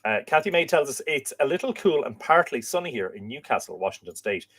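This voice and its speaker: A man's voice: mid-range voice, sing-song, a little fast, a bit bright, slightly rough. An Irish man hosting a live stream, chatting casually and reading viewer comments aloud, with a lot of musing asides and filler words. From Ireland. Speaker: host.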